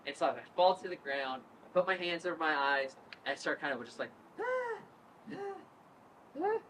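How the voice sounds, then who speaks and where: A woman in her thirties from Northern Virginia, a politician telling a lively story at an event, acting out quotes and laughing. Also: deep voice, fast talker. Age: 30s. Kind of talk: storytelling speech. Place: event room with crowd ambience. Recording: distant mic with noise.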